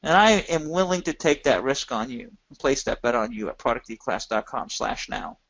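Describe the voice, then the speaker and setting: A man giving an energetic sales pitch in a webinar, with emphatic rises in pitch. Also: normal speed, vocal fry, dull audio. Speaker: webinar presenter.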